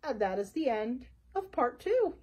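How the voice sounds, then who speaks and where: A woman, a children's librarian, talking to young listeners in an animated, expressive storytime manner. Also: high voice, measured pace, husky. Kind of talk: storytime read-aloud.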